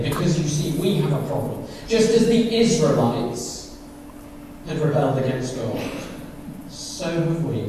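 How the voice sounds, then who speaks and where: High-voiced preacher in an echoing hall. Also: male voice, a little mellow, distant mic, slight background noise. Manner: storytelling, asks the listeners questions. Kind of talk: sermon. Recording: echoey hall, voice from afar.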